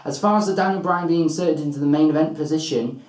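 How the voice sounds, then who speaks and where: A man's voice: a little high, fast, a little mellow, echoey room, poor audio. A man co-hosting a wrestling predictions show, debating earnestly with frequent ums and hedges. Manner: earnest, hedging with ums, talks over his partner. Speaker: co-host of a wrestling predictions channel. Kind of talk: casual debate.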